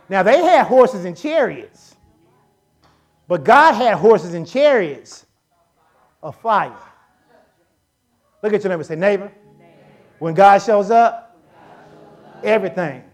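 A woman preacher with a Southern American accent, delivering a lively sermon, acting out Bible characters and rising to shouts. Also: medium pitch, slow pace, pauses often. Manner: animated, acts out Bible characters, shouts at peaks.

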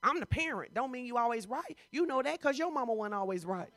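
Bright-voiced woman pastor preaching. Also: a little high, animated, fairly quick, dry recording. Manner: conversational, full of rhetorical questions; emphatic, rising to loud bursts. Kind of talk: sermon.

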